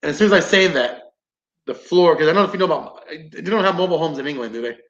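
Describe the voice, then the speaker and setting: A man's voice: on the high side, animated, fast, a bit bright. A man, a podcast guest, telling a story casually with plenty of swearing and acted-out quotes. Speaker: podcast guest, combatives instructor. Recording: roomy, dull lo-fi sound.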